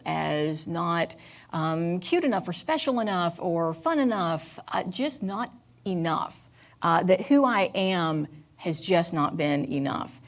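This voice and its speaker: A woman giving a sermon at church in a candid, confessional way, halting with fillers. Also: lowish voice, creaky. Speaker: church speaker.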